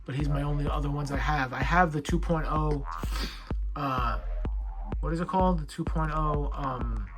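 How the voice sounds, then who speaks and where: A man's voice: a little high, moderate pace, music in the background. A man reviewing an action figure in a casual, blunt and frustrated way, rambling as he fiddles with it at home. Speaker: toy reviewer. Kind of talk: casual chat.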